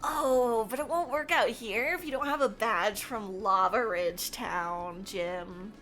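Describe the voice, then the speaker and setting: A woman's voice: medium pitch, slow, a bit bright, soft background music. A woman reading the lines of a cocky young male hedgehog rival in a breezy, dismissive way.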